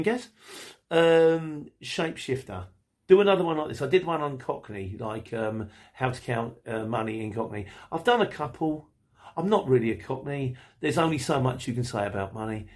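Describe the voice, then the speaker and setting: A man's voice: medium pitch, a little mellow. A man from England who drives vans, chatting casually to camera as he answers viewer comments, rambling along with lots of fillers and restarts.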